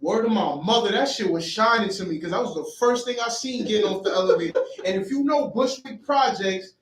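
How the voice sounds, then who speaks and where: A man telling an animated, swear-heavy story on a podcast and acting out the voices of the people in it. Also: high-pitched, a little fast. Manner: swears freely, acts out quoted voices. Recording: echoey room, mic a bit far, light noise.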